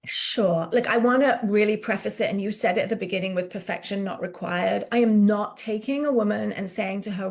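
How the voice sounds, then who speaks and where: A woman fitness coach talking casually in an interview, animated and full of "like" fillers, often acting out quotes. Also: medium pitch, fairly quick, hardly any pauses. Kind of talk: conversational interview storytelling.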